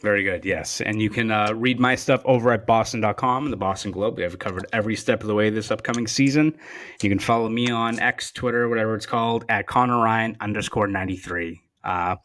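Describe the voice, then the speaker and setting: A man's voice: on the low side, a little fast, a bit bright, a little hiss or hum. A young man hosting a sports podcast, chatting casually and often repeating words as he thinks. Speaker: podcast host.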